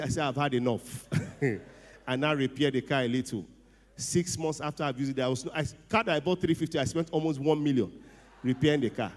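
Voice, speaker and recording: A middle-aged man with a Nigerian accent tells a funny story at a ceremony, animated and often laughing, dropping to a hushed voice for quoted lines. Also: mid-range voice. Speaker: speaker at a ceremony. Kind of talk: humorous storytelling speech. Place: event hall. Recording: long hall reverb.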